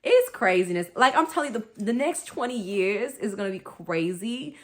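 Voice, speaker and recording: This woman's voice is mid-range and animated, moving at a normal speed as she hosts a spiritual wellness talk. She chats and rambles, laughing frequently and calling listeners y'all.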